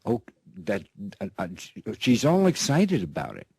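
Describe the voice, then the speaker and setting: A man's voice: lowish voice, huge pitch swings, moderate pace, vocal fry, heavy background noise. A man hosting his own radio show in a rambling, playful monologue, forever checking in with his listeners and introducing things with showman flair. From United States. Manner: rambling, constantly checking in with "okay?" and "that's right". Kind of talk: casual talk-radio monologue.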